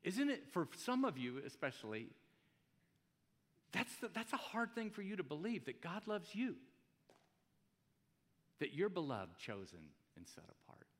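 A man's voice: sits high, very animated, measured pace, long pauses. A man pastor giving a casual, joking sermon in a church, asking his congregation rhetorical questions. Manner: conversational, jokey preaching with rhetorical questions. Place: church hall. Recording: long hall reverb.

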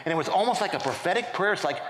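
Animated man preaching in an echoey church. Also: high voice, racing. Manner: animated storytelling with repeated restarts. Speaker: pastor. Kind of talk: sermon testimony. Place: large church sanctuary.

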